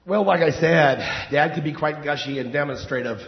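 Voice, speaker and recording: A man's voice: on the high side, normal speed, creaky. A man acting an indignant older son who has worked hard and feels overlooked. He complains and pushes back with sarcasm. The sound is a dull, muffled stage recording with a long hall echo. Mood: resentful. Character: resentful dutiful older son, indignant and self-righteous. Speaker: client of a counselor. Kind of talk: stage play dialogue.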